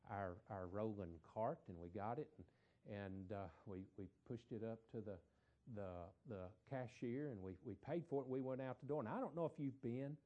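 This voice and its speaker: A middle-aged preacher with a mid-range voice tells a folksy story during his sermon, repeating words and swelling louder for emphasis.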